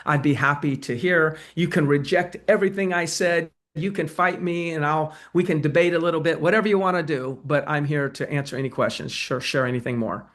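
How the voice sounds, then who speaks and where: A man's voice: fairly high pitch, a little fast, few pauses, fairly bright tone. A man coaching real estate agents in a webinar, talking conversationally and acting out sales calls. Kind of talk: webinar presentation and Q&A.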